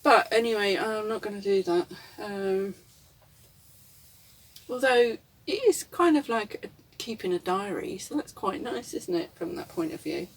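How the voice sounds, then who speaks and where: A woman's voice: mid-range voice, lively intonation, a little slow, husky, distant mic. A woman, rambling reflectively and candidly in a casual vlog, often chuckling. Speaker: vlogger. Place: inside a camper van.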